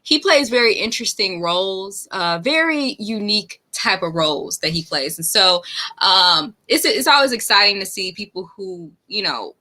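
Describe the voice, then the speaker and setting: A woman's voice: medium pitch, expressive, moderate pace, sharp tone. A woman hosting a trailer reaction video, chatting casually, enthusiastic and rambling, often correcting herself.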